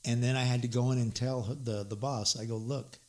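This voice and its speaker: A man's voice: mid-range voice, fairly even intonation, brisk. A man co-hosting a podcast, telling a rambling story with frequent laughs and acted-out quoted voices. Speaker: podcast co-host. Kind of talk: casual storytelling.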